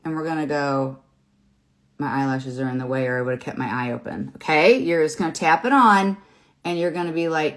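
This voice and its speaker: A woman in her fifties with a low voice talks through her makeup live on camera. She is chatty and encouraging and rambles with fillers. She speaks into a phone or webcam from her home. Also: normal speed. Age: 50s. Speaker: makeup seller and host. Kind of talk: live makeup tutorial, casual chat. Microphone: phone or webcam in front of her.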